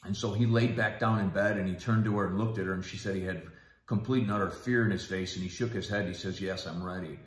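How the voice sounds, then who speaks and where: A man with a very low, deep voice tells a personal family testimony. He speaks softly and haltingly, pausing often. The sound carries the echo of a roomy space. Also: steady tone. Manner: soft-spoken, halting, with frequent pauses. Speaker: guest sharing a family testimony.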